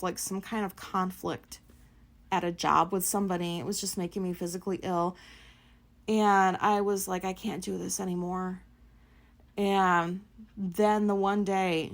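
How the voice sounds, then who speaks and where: A woman, likely, hosting her own show and telling a personal story in a blunt, profane, filler-heavy way. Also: mid-range voice. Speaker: podcast host.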